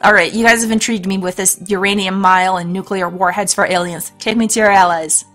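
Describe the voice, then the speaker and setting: A woman's voice: medium pitch, fairly even intonation, a little fast, a bit bright, soft background music. A woman hosting a let's play, reading a storybook game aloud with chatty, laughing asides. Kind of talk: let's play narration and commentary.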